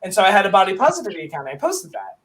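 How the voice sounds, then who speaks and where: Guest spot: high-pitched young man in his twenties, animated, self-mocking storyteller. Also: very fast, a crowd in the background. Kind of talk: casual storytelling chat.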